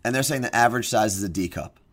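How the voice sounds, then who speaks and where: A man's voice: lowish voice, fast. Man, radio co-host, playful banter, jokey, studio. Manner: joking, playful, sings silly jingles. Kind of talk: casual radio chat.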